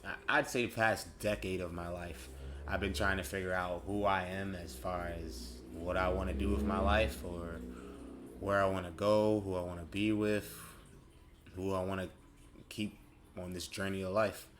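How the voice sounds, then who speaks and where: Deep-voiced man musing aloud. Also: little pitch movement, moderate pace, a bit bright, slight background noise. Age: late 20s. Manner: rambling, self-correcting, thoughtful. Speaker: podcast host. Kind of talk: casual reflective monologue.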